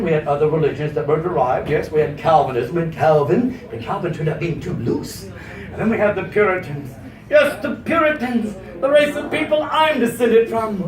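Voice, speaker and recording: A man performing a stand-up comedy routine on stage, animated and slipping into exaggerated character voices. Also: sits high. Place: comedy stage before a live audience. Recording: roomy venue sound from a distance.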